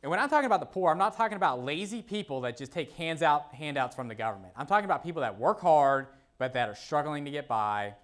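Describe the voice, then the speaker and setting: A man's voice: on the high side, expressive, quick pace, few pauses, fairly bright tone. A man preaching a sermon as pastor, talking casually with frequent "okay?" and "you know", reading scripture aloud and repeating verse references. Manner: reads scripture aloud in King James wording; repeats verse references while the congregation finds them.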